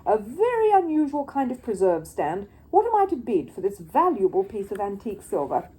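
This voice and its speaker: A woman voicing a showy male auctioneer who calls out the bids loudly. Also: mid-range voice, huge pitch swings, moderate pace. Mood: announcing. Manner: loud, calling out bids.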